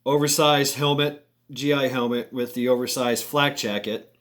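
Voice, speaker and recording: A man of ordinary pitch spins a long yarn in a loose, conversational way. He stumbles and restarts his sentences often, drops casual profanity and chuckles along the way. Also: steady tone, normal speed, fairly bright tone. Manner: rambling, many restarts, swearing, chuckles. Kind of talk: casual spoken storytelling.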